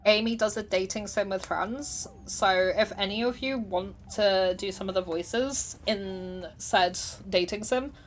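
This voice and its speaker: A woman streamer chatting casually while she plays, chatty and self-deprecating, laughing often. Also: mid-range voice. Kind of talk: casual livestream chat while gaming.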